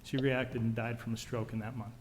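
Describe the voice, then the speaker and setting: A man's voice: mid-range voice, flat delivery, fairly quick, slight background noise. A man testifying at a legislative hearing, intense and accusatory, firing off medical jargon. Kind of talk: public testimony. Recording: long hall reverb.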